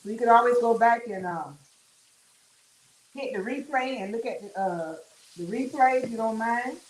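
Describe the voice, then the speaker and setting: A woman's voice: fairly high pitch, moderate pace. A woman hosting a casual livestream while cooking, folksy and chatty, calling viewers honey and child. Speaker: livestream host and weekend DJ. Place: home kitchen. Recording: echoey kitchen with frying sizzle. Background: fish frying and sizzling.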